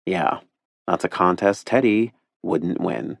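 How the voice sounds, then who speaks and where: A low-voiced man narrates an audiobook in the first person. The recording is dry and close-miked. His delivery is wry, playful and expressive. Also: slow, creaky, no echo.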